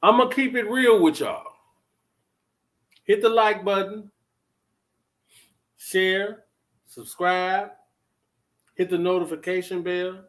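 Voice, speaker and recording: Man, high lively voice, unhurried, blunt live-stream commentary. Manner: blunt, animated, addresses viewers directly. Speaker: vlogger reacting to live chat.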